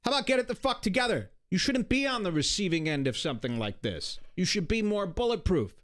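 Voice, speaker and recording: A man hosting a podcast, talking in an animated, exasperated, profane rant. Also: high-pitched, fast. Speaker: podcast host. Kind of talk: casual ranting commentary.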